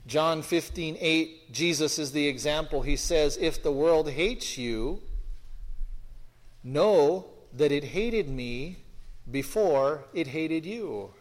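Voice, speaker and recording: A man's voice: a little high, takes it slowly. Man teaching scripture in a reverberant hall. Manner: conversational, explaining verses and asking questions. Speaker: Bible teacher. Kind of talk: expository Bible teaching.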